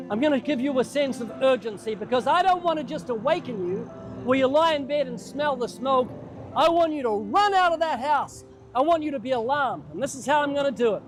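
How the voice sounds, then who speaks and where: A man's voice: very high voice, expressive, normal speed, soft background music. A man preaching one-on-one to a stranger in an earnest, urgent way, often calling him by name. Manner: addresses the listener by name. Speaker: street evangelist.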